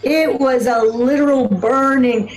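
A woman's voice: high voice, measured pace, a little hiss or hum, rough recording. A woman missionary telling her personal testimony in an earnest, emphatic way, repeating words for stress.

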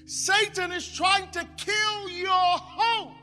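A man preaches a sermon with a very high, bright, forceful voice. He swings into loud, impassioned bursts and acts out the voices in his stories. His voice carries long reverb through a church hall over faint music. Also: level tone, slow. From England.

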